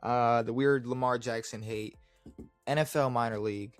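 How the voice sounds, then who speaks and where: A man's voice: mid-range voice, fairly even intonation, moderate pace, no echo, soft background music. A young man co-hosting a casual sports podcast, rambling and laid-back with lots of fillers. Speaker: podcast co-host.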